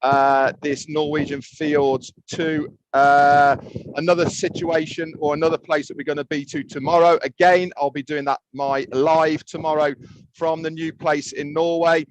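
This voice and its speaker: A man's voice: on the high side, flat delivery, a little slow, slight background noise, low-quality recording. Chatty man on a ship's deck. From United Kingdom. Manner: cheerful, chatty, loose phrasing. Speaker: co-host. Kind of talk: casual livestream chat. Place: outdoors on a cruise ship deck.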